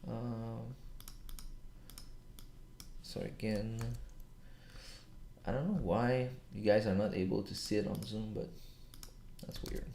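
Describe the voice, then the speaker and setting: On a live trading stream, a man chats casually with viewers while working through charts, using plenty of slang. His mid-range voice is a little mellow, and the sound is roomy with slight background noise.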